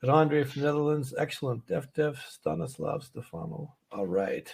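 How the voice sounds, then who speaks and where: A man's voice: on the high side, animated, normal speed, vocal fry, a little mellow, a little hiss or hum. A man hosting a live trading stream from an office, chatty and rambling with many fillers and easy laughs. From Canada. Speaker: host of a live trading show. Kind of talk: casual livestream chat.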